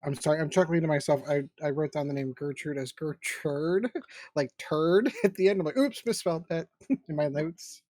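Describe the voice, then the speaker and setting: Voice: mid-range voice, moderate pace, darkish tone, dry recording. Tabletop player, giggly, laughs mid-sentence, dry close sound. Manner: giggly, laughs while talking. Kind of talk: casual tabletop play.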